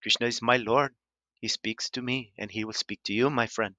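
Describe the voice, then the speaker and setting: A man voicing a pompous male street preacher who booms and sermonizes in a mocking way. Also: fairly even intonation, moderate pace, bright, forceful tone, no echo, lightly acted. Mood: preachy.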